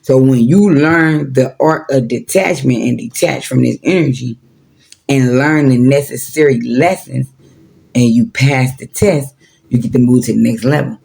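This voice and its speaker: Gravelly man preaching casually. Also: mid-range voice, unhurried, darkish tone. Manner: preachy, repetitive, profane slang. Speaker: spiritual vlogger. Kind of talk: casual spiritual talk.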